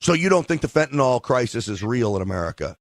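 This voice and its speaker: A man's voice: mid-range voice, very animated, fast talker, no echo, clean studio sound. A man hosting a call-in talk radio show, teasing his callers in a jokey way and laughing often. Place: radio studio. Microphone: studio microphone.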